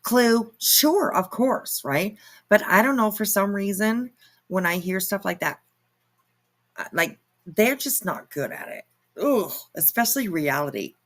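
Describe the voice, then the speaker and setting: A woman's voice: mid-range voice, lively intonation, unhurried. A woman hosting her own commentary channel, reacting to clips in a sarcastic, mocking way and swearing freely.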